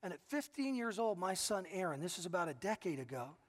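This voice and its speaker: High-voiced middle-aged male pastor preaching. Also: sing-song, fairly quick. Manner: earnest storytelling with repeated restarts. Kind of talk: sermon. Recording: long reverb of a large hall.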